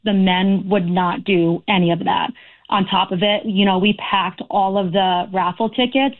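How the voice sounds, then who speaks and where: A woman calling in to a talk radio show, speaking earnestly and with a sense of grievance. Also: medium pitch. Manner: earnest, aggrieved, talks in long runs. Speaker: caller. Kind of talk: phone-in talk radio call. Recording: tinny phone line.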